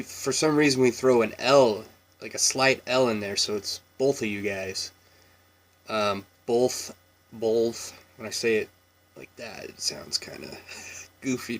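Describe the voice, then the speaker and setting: Man, Pacific Northwest accent, young adult, laid-back accent tag chat, unhurried, rambling. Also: mid-range voice. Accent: Pacific Northwest American. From Washington State, US. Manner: relaxed, meandering, with laughs and many fillers. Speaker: vlogger. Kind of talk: casual accent tag video.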